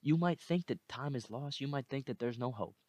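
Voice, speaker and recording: A man's voice: mid-range voice, brisk, darkish tone, no room sound. A young man hosting a podcast, speaking earnestly and with growing fire about motivation. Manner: earnest, repetitive, fired up. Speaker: podcast host.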